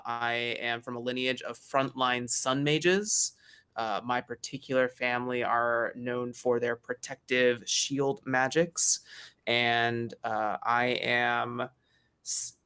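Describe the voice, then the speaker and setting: A man voicing a brawny young male muscle mage from a line of sun mages, introducing himself in character with easy pauses. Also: mid-range voice, a bit bright, clean tone, close to an everyday voice.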